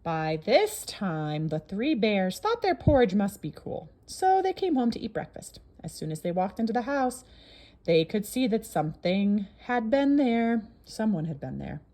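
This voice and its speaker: A woman reading a children's story aloud in an expressive, sing-song storybook manner. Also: medium pitch, a little slow.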